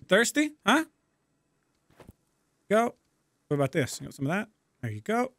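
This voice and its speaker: High, gravelly, excitable gaming guy. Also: moderate pace, pauses often, no room sound. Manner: excitable, profane, loud outbursts. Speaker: gaming YouTuber. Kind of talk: casual gameplay commentary.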